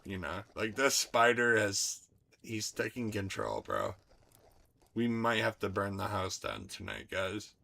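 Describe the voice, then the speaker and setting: A fairly low-pitched young man with a gravelly, fry-heavy voice that still cuts through with a bright, forceful edge. He chats casually with his stream audience, swearing freely and working himself into excitable rants. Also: measured pace. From United States. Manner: profane, excitable ranting. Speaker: streamer talking to chat. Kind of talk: casual livestream chat.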